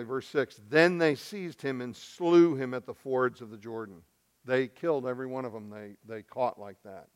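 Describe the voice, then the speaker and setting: A pastor from Arkansas preaches in a smooth, resonant voice pitched mid-range for a man. He acts out the story's characters, rising to loud, high bursts and then falling to a hush.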